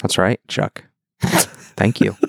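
A man co-hosting a podcast in relaxed, joking casual chat. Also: takes it slowly, no room sound, clean studio sound. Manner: joking, rambling. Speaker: podcast co-host.

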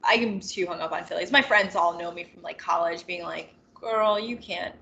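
A young woman in her twenties chatting casually, self-aware and quick to laugh. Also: on the low side, gravelly, pushed and bright, dull audio, slight background noise. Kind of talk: casual chat.

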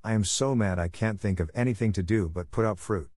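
A man's voice: on the low side, brisk, darkish tone, dry recording, lightly acted. A man reading the part of a spirited young woman writer, speaking in clipped, indignant bursts. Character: spirited young woman writer, hot-tempered when crossed. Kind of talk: audiobook character reading.

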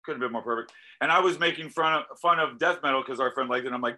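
A male musician talking casually in an interview, telling animated stories, acting out quoted voices and swearing freely. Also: medium pitch, rapid-fire, rough recording. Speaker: musician guest.

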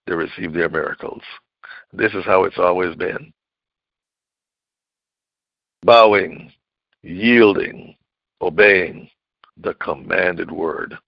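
Male preacher, emphatic sermon delivery, very animated pitch, dry close sound. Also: creaky, no room sound, muffled recording. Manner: emphatic, swinging from loud outbursts to low hushed lines.

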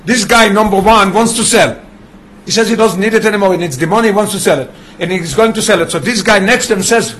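High-voiced man teaching. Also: brisk, a bit bright, a little hiss or hum. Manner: mixes English with Yiddish and Hebrew terms, explains with examples. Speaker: Torah teacher. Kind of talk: classroom Torah lesson.

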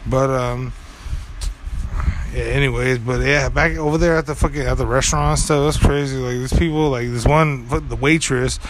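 A man's voice: mid-range voice, fairly even intonation, normal speed. A young man telling a story in casual chat, rambling and profane with lots of fillers and restarts. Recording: faint background noise.

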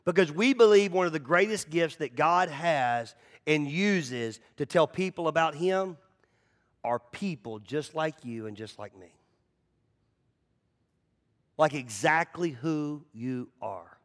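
A male pastor preaching in a loose, story-driven way, his voice sitting high for a man. He is animated and chatty, stumbling over and repeating words as he builds his point. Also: takes it slowly. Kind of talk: conversational sermon.

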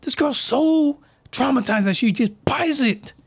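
A man hosting a podcast, delivering an excitable, slangy, rambling comedic rant full of mockery. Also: very high voice, measured pace, creaky, husky, no room sound. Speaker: podcast host reviewing anime.

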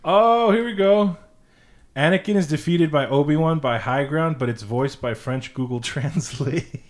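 Profane, giggly podcast host. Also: male voice, a little high, measured pace. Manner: loose, profane, laughing often. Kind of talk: casual chat.

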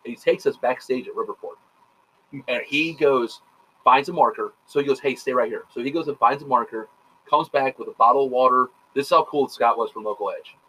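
Fast-talking man telling a rambling story. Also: medium pitch, sharp tone, slightly rough, poor audio. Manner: rapid, profane storytelling full of quoted dialogue. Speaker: podcast host. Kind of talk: casual chat.

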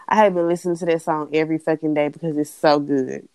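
A woman's voice: low voice, quick pace, few pauses, smooth, dry recording. Ranting, foul-mouthed young woman. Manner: blunt, heavy swearing, animated ranting. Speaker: podcast co-host. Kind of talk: casual chat.

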